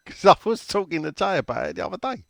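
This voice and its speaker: A man's voice: sits high, sing-song, fast talker, gravelly, no room sound, studio quality. A man hosting a casual football chat, reading out listener questions in a blunt, sweary way.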